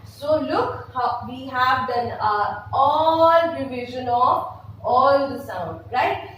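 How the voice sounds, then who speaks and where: Pre-primary teacher, Indian English accent, spells words slowly for small children, recorded at a distance in a roomy, echoey classroom. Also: female voice, sits high, expressive, a bit bright, a little hiss or hum. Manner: slow, spelling words letter by letter, then repeating them with emphasis. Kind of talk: online phonics lesson at a blackboard. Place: classroom with a blackboard.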